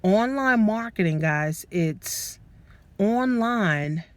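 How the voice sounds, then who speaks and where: Brief: woman business coach, lively and profane, motivational talk to camera. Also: mid-range voice, very slow, dry recording. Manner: animated and profane, addresses listeners as guys.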